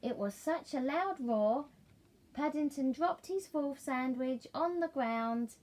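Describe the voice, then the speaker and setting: A middle-aged woman reading a picture book aloud in a sing-song, gently coaxing way. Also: sits high, slow pace. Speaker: storyteller.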